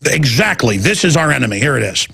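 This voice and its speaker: A man with a Texas accent hosting a talk radio show, ranting and mocking people in a gravelly, husky voice. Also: medium pitch, very animated, quick pace, sharp tone.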